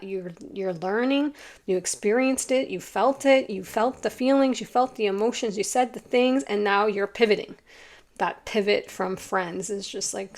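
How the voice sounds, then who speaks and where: A young adult woman giving a casual, effusive tarot card reading to her viewers, full of "like"s and quick laughs. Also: medium pitch. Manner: chatty and effusive, many "like"s, quick laughs, acts out imagined people.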